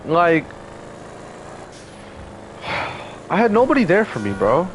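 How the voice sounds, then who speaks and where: Young man in his 20s, upset and heated, swears a lot, voice a bit high and swinging widely, faint traffic behind. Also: wildly swooping pitch, slow, rough recording. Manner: heated, profane, repetitive fillers. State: upset, close to tears. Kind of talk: emotional personal storytelling.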